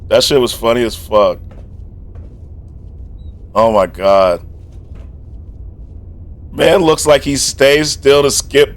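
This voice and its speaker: A young man streaming, reacting casually to outfits with constant laughter, swearing and joking banter. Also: mid-range voice.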